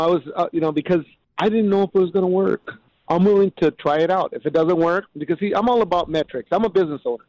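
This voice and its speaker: Middle-aged guy telling stories on a podcast, kinda high voice, muffled dry audio. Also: no echo. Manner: animated storyteller, acts out quotes. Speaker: mayor and guest. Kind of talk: storytelling interview talk.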